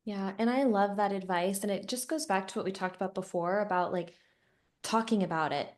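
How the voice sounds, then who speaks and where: A woman podcast host speaking in a reflective, agreeable way. She talks at a middle pitch and drops in "like" as she thinks. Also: brisk, a little mellow. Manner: agreeable, reflective, uses "like" as a filler. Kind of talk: podcast interview.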